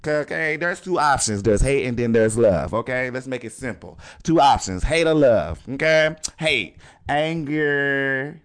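A man hosting a casual spiritual podcast monologue in an animated way, laughing often, swearing freely and checking in with "okay?" after nearly every point. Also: medium pitch, measured pace, clean tone. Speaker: podcast host.

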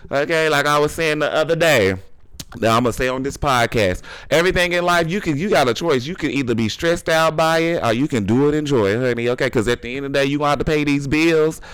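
A man's voice: a little high, quick pace, fairly bright tone, clean tone, dry recording, low-quality recording. A man hosting a casual solo podcast, talking in a sassy, preachy way and often tagging his points with "honey, okay?". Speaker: podcast host.

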